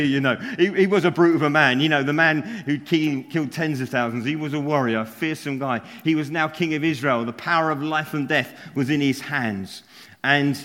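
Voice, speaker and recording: A man's voice: mid-range voice, a bit bright. A man preaching a sermon, telling stories with frequent chuckles. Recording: long hall reverb.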